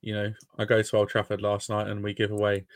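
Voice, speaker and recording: Low gravelly English host. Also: male voice, completely flat delivery, fast talker, no room sound, clean studio sound. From England. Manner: chatty, self-deprecating, swears. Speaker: podcast host. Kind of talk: casual chat.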